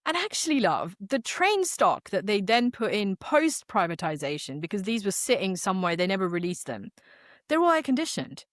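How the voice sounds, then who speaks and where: A woman's voice: medium pitch, sing-song, moderate pace, dry recording, clean studio sound. A young English woman co-hosting a podcast, chatting in an emphatic, slangy way. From England. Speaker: podcast co-host. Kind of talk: casual chat.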